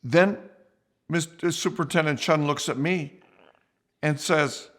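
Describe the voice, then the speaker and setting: A man hosting a podcast, telling a personal story in a lively way, with restarts and acted-out quotes. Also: a little high, a little slow, long pauses.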